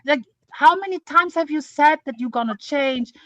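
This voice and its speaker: High-voiced accusing woman, dull audio. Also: moderate pace, a bit bright, dry recording. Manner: pressing and accusatory. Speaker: panelist. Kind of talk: heated argument. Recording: slightly dull sound.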